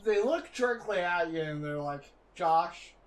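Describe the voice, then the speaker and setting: A man's voice: sits high, animated, moderate pace. A young man hosting a gaming video, telling rambling stories in casual chat with plenty of filler words. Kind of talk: casual chat while playing.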